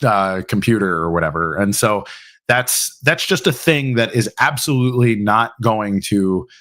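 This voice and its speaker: A man's voice: lowish voice, animated, unhurried, a bit bright. A man hosts a live ask-me-anything stream, answering questions off the cuff. He rambles through his points and keeps circling back with fillers and restarts. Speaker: host.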